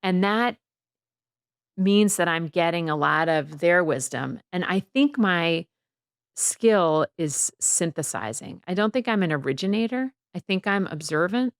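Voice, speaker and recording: Low-voiced reflective woman, dry close mic. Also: measured pace, no room sound. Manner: reflective, quotes people in lively voices. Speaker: guest author. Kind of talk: casual interview conversation.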